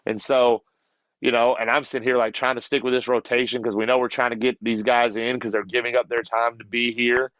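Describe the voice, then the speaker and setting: Male coach telling an animated story. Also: medium pitch, fairly quick, dry recording, muffled recording. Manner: lively storyteller who acts out what others said and laughs often. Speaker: basketball coach, podcast guest. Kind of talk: casual storytelling.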